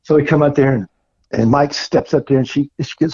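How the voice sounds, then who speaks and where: Older man, husky voice, somewhat high, animated storyteller, dull lo-fi sound. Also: fast. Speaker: surfer guest. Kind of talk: casual storytelling interview. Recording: dull lo-fi recording.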